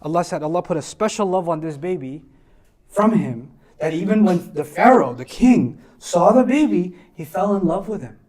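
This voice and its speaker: A man's voice: sits high, moderate pace, crowd noise. A man telling a story to children in a lesson, acting out the characters and asking the kids questions. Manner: animated, acts out characters with voice changes, asks the kids questions. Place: room with children listening.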